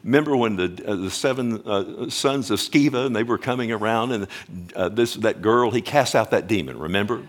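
A man preaching a sermon as pastor, earnest and animated, often restarting phrases and asking the congregation questions. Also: on the low side, normal speed.

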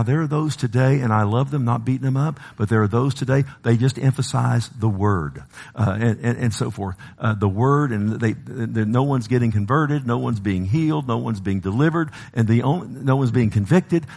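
A man preaches a sermon in a husky, gravelly voice at a middling pitch. He swings from loud, rising exhortation down to low, drawn-out emphasis. He keeps checking in with his listeners as he goes.

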